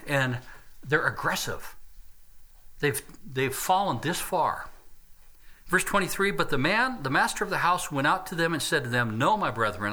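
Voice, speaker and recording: Male preacher, expository sermon, animated delivery, bright tone. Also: medium pitch. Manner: animated Bible reading with asides.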